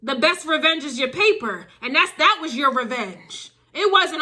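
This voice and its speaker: A woman's voice: high-pitched, animated, normal speed, hardly any pauses, sharp tone. A woman doing a casual spiritual reading to camera, emphatic and driving her points with repeated phrases. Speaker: tarot reader.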